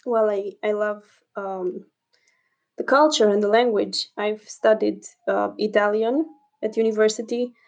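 Halting young woman guest. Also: mid-range voice, fairly even intonation, a little mellow. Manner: hesitant, halting, with frequent fillers and laughs. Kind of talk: casual podcast chat over a call.

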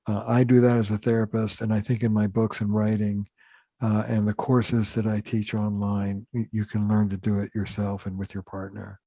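A man's voice: fairly low pitch, level tone, normal speed, mellow, no echo. An older man, a family therapist, telling stories earnestly and with emphasis in a podcast interview, acting out the dialogue he quotes.

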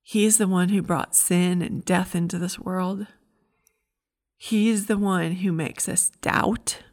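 A woman's voice: fairly low pitch, steady tone, slow pace, a little mellow. A middle-aged woman giving a heartfelt, earnest devotional message as a Christian speaker.

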